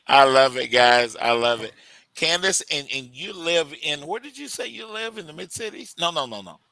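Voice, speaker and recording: A man's voice: a little high, expressive, moderate pace, vocal fry, bright, forceful tone, no echo, rough recording. A man with a Texas accent hosting a radio talk show, rambling enthusiastically and calling listeners "guys". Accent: Texan.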